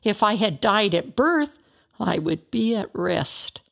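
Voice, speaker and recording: A woman reading the part of a broken, grieving man in a storybook, slow and anguished in his pleading. A gravelly fry roughens the voice. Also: medium pitch, expressive. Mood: sorrowful.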